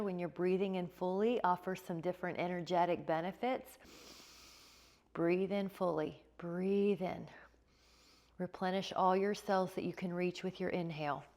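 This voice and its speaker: A woman teaching a yoga class, giving calm, encouraging cues with repeated prompts to breathe. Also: fairly low pitch. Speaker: yoga instructor. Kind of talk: guided yoga class instruction.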